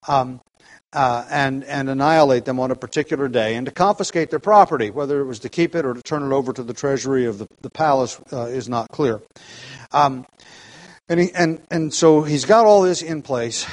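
A man in a mid-range voice leads an evening Bible study. He teaches in a measured, reflective way, often restarting sentences and pausing on fillers. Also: mid-range voice. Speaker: pastor leading a Bible study.

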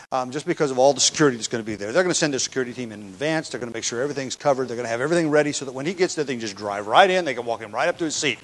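A man teaching a Bible passage in a conversational sermon, with restarts and rhetorical questions. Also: medium pitch. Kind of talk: expository sermon.

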